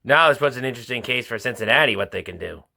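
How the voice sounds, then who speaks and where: A man hosting his own football picks show, talking through results and picks in an informal, halting way. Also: medium pitch, expressive, gravelly, pushed and bright. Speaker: sports picks host. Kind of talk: casual football picks commentary.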